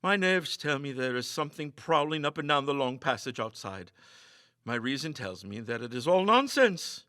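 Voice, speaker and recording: A man's voice: medium pitch, very animated, pushed and bright, dry recording, clean studio sound. A man reading a ghost story aloud, voicing a nervous but reasonable young man who wants to leave. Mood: uneasy. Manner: earnest, uneasy, measured.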